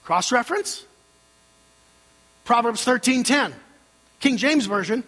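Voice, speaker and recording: An older man preaching a sermon as a pastor, animated and leading his congregation in call-and-response. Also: very high voice, takes it slowly, long pauses. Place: church sanctuary. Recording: reverberant hall with mains hum.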